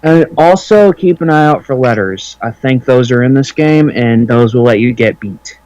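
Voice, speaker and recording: A man's voice: medium pitch, lively intonation, normal speed, darkish tone, muffled recording. A man casually commenting on a retro game with a friend, rambling with lots of fillers and cursing. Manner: rambling, filler-heavy, profane. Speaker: let's play commentator. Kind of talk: casual gaming chat.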